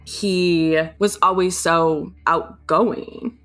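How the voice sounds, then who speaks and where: A woman softly and reflectively recounting a memory of someone. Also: on the low side, fairly even intonation, drawn-out words, soft background music.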